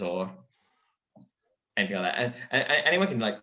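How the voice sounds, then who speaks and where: A young man chatting casually as a guest in an interview, lively and dropping into character voices. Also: lowish voice, brisk. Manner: animated, breaks into character voices. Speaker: guest, impressionist. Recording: dull, echoey recording.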